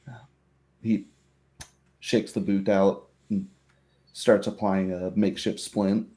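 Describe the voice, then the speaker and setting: Low, mellow game master man. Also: little pitch movement, slow pace. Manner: easygoing, descriptive. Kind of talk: narrating a tabletop game.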